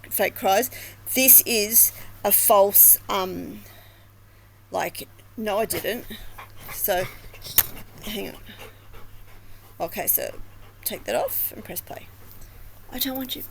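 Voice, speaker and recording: A woman's voice: mid-range voice, gravelly, slight background noise, rough recording. A woman vlogger commenting casually at home, chatty and thinking aloud, swearing now and then. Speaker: vlogger analyzing body language. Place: home with dogs.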